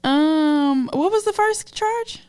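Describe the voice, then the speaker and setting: A woman co-hosts a podcast in relaxed chat, curious and quick to ask questions. She giggles easily, and her voice sits slightly high. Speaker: podcast co-host. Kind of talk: casual chat.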